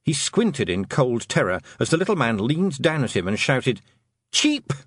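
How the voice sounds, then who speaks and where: A man narrating a story in an audiobook, expressive and lively. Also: medium pitch, moderate pace, husky, no echo, studio quality.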